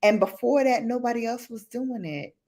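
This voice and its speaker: A woman hosting a casual late-night livestream, chatting playfully with viewers in a slangy, animated way and acting out quotes. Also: a little high, moderate pace. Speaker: livestream host.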